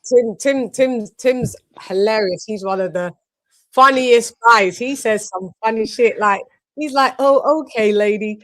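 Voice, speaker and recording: Female host, casual stream chat, animated storyteller, a touch high, dry close sound. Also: measured pace, no room sound. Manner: animated storyteller, swears freely, acts out quotes.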